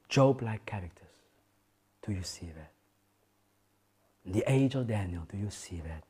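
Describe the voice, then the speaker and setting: A man preaching an impassioned sermon, often shouting, then dropping to a hushed intensity. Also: fairly low pitch, breathy edge.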